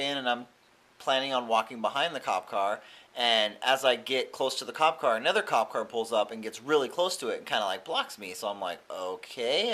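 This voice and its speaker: A young man talking casually in a daily vlog, telling stories and acting out what people said. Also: mid-range voice. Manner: chatty, animated quoting of others. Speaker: vlogger.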